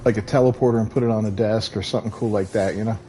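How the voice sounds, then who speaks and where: A man's voice: on the low side, steady tone, very fast, warm tone, a little hiss or hum. A man hosting a gaming livestream, chatting casually in a laid-back way and thinking aloud. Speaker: streamer host.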